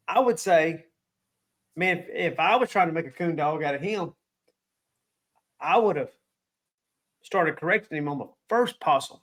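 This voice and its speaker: A man's voice: high-pitched, animated, moderate pace, long pauses, a bit bright. A man co-hosting a podcast in a laid-back, dryly joking way. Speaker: podcast co-host. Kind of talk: casual chat.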